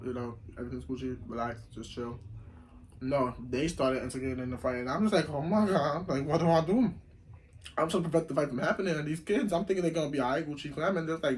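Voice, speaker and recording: A young man telling a story casually while eating, slangy and rambling, getting loud when he acts out what people said. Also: medium pitch, low-quality recording. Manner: animated, acts out quoted lines loudly. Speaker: vlogger.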